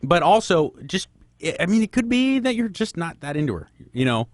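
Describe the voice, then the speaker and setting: Frank, animated male radio host. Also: high-pitched, brisk, dry recording, clean studio sound. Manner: frank, probing questions. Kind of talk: call-in radio advice.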